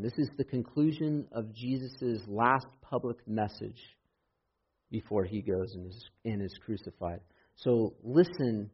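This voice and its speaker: A man preaching a Sunday sermon as pastor, building to loud, impassioned emphasis when he quotes scripture. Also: fairly low pitch, husky. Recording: dull lo-fi sermon audio.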